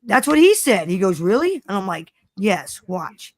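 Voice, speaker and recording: A brash woman hosting a loose, profane chat, piling on curse words and acting out her own lines as she tells a story. Her voice is mid-pitched and sounds dry and close, with no room around it. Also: normal speed, dry recording. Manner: animated, swears constantly, acts out her own quotes. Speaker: podcast host.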